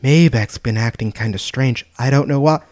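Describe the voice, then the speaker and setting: A man's voice: medium pitch, moderate pace, a little mellow, natural voice. A man playing a caring female rail car. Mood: worried. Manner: earnest, worried.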